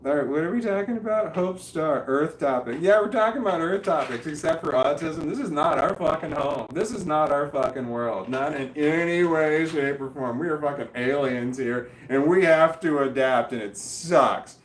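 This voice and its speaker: A man's voice: a little high, normal speed, hardly any pauses, reverberant, a little hiss or hum. A man livestreaming and answering chat in a rambling, casual monologue, swearing constantly and often losing his train of thought.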